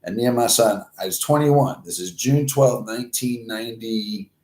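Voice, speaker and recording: Speaking at a moderate pace, a low-voiced host in his forties from Florida rambles through a crude story packed with curse words. Whenever he reenacts a scene he becomes animated and louder, and the room around him echoes noticeably.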